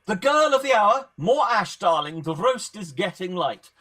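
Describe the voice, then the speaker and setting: A man voicing a gushing, theatrical dinner host who speaks with loud, mocking cheer. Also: high voice, very animated, moderate pace, slight background noise, voice pushed up. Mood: gleeful.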